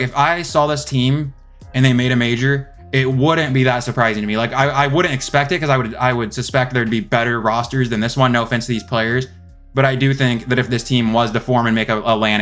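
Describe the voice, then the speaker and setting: A young man talks quickly through his rankings in a loose, rambling way, stopping to correct himself mid-thought. His pitch sits in the middle range for a man. Faint guitar music plays under his voice. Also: a bit bright. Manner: rambling, thinks aloud with many self-corrections. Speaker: esports video host. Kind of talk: casual commentary ranking rosters.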